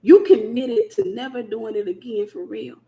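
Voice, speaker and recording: A woman's voice: fairly high pitch, big pitch swings, moderate pace, lo-fi sound. A woman from the United States hosting a casual Christian teaching talk, speaking in an emphatic, colloquial way and repeating her key phrases. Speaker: host.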